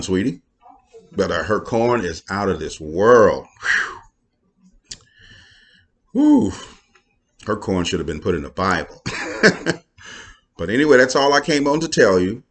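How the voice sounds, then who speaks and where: A middle-aged man, a pastor talking casually to viewers in a folksy, preachy way with playful asides. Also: low voice.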